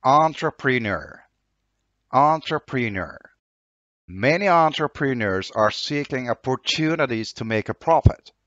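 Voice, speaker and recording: A man's voice: mid-range voice, lively intonation, unhurried, a bit bright, dry recording, dull audio. A man with a Turkish accent teaching English vocabulary, saying each word twice and reading an example sentence. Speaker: language teacher.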